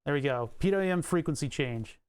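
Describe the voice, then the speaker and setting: This streamer works on electronics live, reading through code and datasheets while thinking out loud. His voice is slightly high, clean, and animated, moving at a fairly quick clip, with occasional swearing, chuckles, and muttering to himself.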